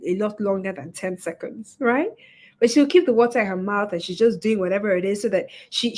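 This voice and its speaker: A woman hosting a webinar, giving a motivational talk and telling a story with lively acted-out quotes. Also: mid-range voice. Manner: expressive storyteller, acts out quoted voices. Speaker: webinar host and etiquette coach.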